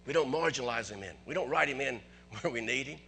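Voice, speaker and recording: A man pastor telling a personal story in a sermon in church, chatty at first and rising to excited preaching. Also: medium pitch, fast, creaky, slight background noise. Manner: conversational, builds to excited preaching.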